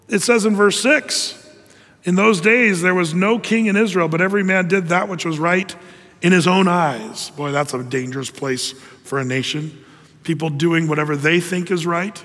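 Animated high-voiced male preacher, reverberant hall. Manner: conversational, animated storytelling with voiced asides. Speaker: pastor. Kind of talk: sermon.

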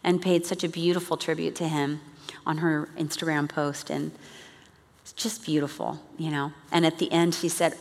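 Lowish woman teaching in an echoing hall. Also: flat delivery, moderate pace. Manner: earnest, chatty, emphatic. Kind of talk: church teaching talk. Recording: long reverb of a large hall.

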